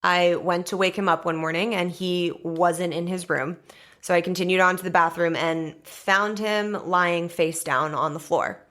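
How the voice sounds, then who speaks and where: Woman podcast host in her thirties, from the US, lowish voice, candid and swears freely, soft laughs throughout. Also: fairly even intonation, moderate pace. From United States. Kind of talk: personal storytelling monologue.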